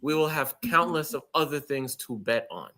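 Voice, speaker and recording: An American man co-hosting a casual wrestling podcast, teasing and doubtful, jumping up in pitch when he jokes. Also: animated, moderate pace, sharp tone. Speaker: podcast co-host. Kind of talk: casual chat.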